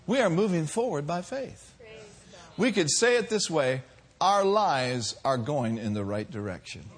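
A man preaching a sermon as pastor, swinging from soft, drawn-out lines to loud, shouted calls. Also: fairly high pitch.

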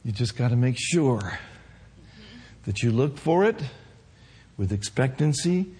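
A male pastor preaching an impassioned sermon with a hoarse voice, swinging from soft to shouting. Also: mid-range voice, animated, measured pace.

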